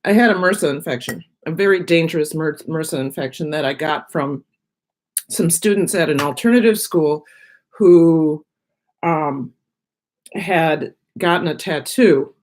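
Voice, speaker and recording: A woman's voice: sits low, unhurried, a little mellow. A middle-aged woman chatting casually on her own live stream, rambling from one thought to the next while she eats. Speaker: vlogger on her own channel.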